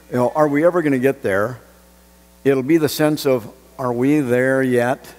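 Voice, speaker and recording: A male pastor delivering a sermon, reading scripture and telling a story, with lively swings in delivery. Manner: expressive preaching with dramatic pitch swings on quoted lines. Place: church sanctuary. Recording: church sanctuary with long reverb.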